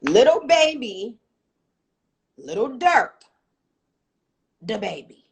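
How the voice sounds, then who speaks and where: A woman's voice: fairly high pitch, big pitch swings, drawn-out words, creaky. A woman hosting a casual live-stream chat, brash and profane, teasing her guest and hurrying her along.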